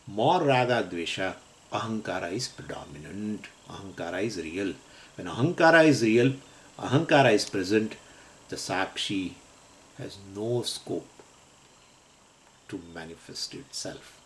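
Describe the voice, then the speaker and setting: A man's voice: on the low side, animated, unhurried, slight background noise. Chuckling man teaching scripture. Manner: chuckles often while explaining; weaves Sanskrit terms into English explanation. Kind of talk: scripture class lecture.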